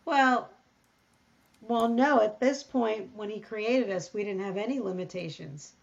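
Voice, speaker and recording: A woman talking through a Bible passage in casual conversation, reading verses aloud and thinking out loud. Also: mid-range voice, unhurried, vocal fry, highs cut off. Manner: thinks aloud, reads scripture, animated when surprised. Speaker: Bible study co-host. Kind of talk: casual Bible study discussion.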